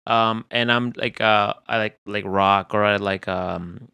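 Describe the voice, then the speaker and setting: A man's voice: measured pace, creaky, clear, resonant tone, no echo. A young man chatting casually on a podcast, acting out quoted lines in a raised voice as he tells stories. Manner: animated storyteller, acts out quotes in a high voice. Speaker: podcast co-host. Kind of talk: casual chat.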